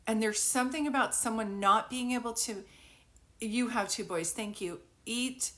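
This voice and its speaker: A woman's voice: on the high side, normal speed, pushed and bright. A woman doing a psychic reading live, rambling and thinking aloud, often breaking into giggles, talking into a phone. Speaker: psychic medium. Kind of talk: live reading, casual chat.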